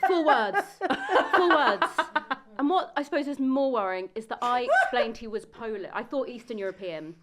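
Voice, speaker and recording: A woman's voice: on the high side, brisk, few pauses, noisy background. A woman, a podcast guest casually telling an anecdote and acting out what people said. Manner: lively storyteller, acts out quotes.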